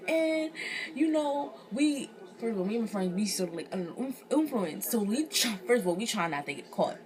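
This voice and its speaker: A woman's voice: a little high, normal speed, crowd noise. A young woman vlogger casually telling a personal story, slangy and profane, acting out what people said. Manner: animated, slangy, profane, acts out quotes.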